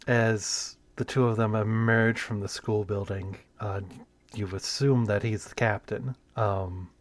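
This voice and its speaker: A man narrating as game master of a tabletop role-playing game, with many pauses and restarts. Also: on the low side, dry recording.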